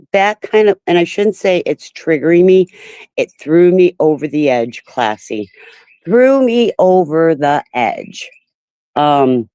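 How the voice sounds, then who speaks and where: A woman's voice: deep voice, darkish tone, dry recording. A woman hosting a casual livestream, talking in an upset, rambling way and greeting her viewers by name. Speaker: livestream host. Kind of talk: casual live-stream talk to viewers.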